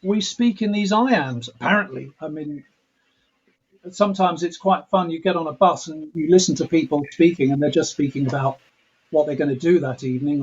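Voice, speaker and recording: Husky English man over dull remote audio. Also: a little high, moderate pace. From England. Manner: reflective, frequent restarts and repeated words. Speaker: composer guest. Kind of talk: thoughtful conversational interview.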